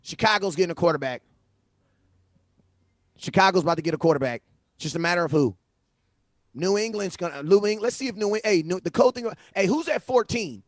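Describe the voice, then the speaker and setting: Animated slangy male livestream host. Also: sits high, no echo, studio quality. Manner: animated, slangy, repeats himself. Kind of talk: casual sports commentary. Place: home livestream setup. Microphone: phone.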